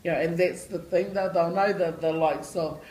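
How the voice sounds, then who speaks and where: A woman's voice: on the low side, steady tone, moderate pace, darkish tone, reverberant, a little hiss or hum, poor audio. A woman who works with school students, answering interview questions in a blunt, slangy way and laughing often. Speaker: school staff member working with students.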